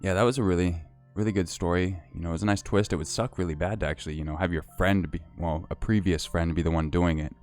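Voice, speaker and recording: A man with a low voice hosts a relaxed livestream and reads out viewer names and comments. He chats in a loose, easygoing manner, thanking people as he goes. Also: fast talker, few pauses, faint music behind. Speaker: livestream host. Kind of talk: casual livestream chat.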